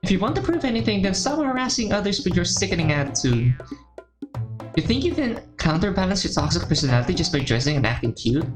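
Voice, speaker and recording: A woman's voice: fairly low pitch, very animated, fast, over music. A woman voicing a shy, intense teenage girl turning vicious while reading a visual novel aloud. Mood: cutting.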